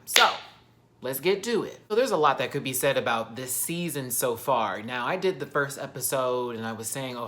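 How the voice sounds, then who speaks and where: A male TV recap vlogger rants through an episode in an animated, sassy, campy and theatrical style. His voice is mid-range and a little bright.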